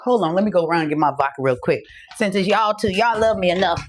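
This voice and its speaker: A woman in her forties hosts a casual live podcast, out of breath and chatting loosely, swearing and laughing easily. Her voice is on the low side and fast.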